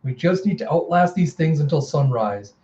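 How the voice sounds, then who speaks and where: A man voicing a brisk, tough woman captain. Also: on the high side, lively intonation, dark tone, roomy sound, dull audio, close to an everyday voice. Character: tough female ship captain.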